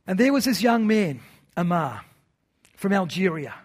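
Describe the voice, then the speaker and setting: High-voiced man preaching a sermon. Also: very animated, measured pace. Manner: earnest, with rhetorical questions and repeated phrases. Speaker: pastor.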